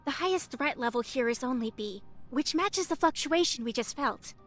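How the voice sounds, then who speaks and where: A cheerful, chatty young rookie hunter with a high, bright voice. She talks in a friendly way. Faint game music sits behind her. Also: expressive, normal speed.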